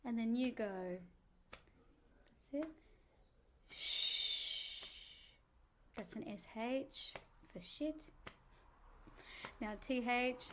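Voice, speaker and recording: Woman, singing teacher, vocal warm-up lesson, chatty, encouraging, fairly high voice. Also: takes it slowly, pauses often, noisy background. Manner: relaxed, chatty, encouraging, self-mocking asides.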